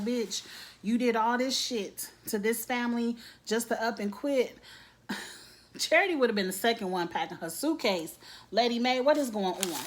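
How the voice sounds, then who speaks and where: A woman giving a casual, blunt TV episode recap, acting out characters' lines with lots of slang. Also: fairly high pitch. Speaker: TV recap vlogger.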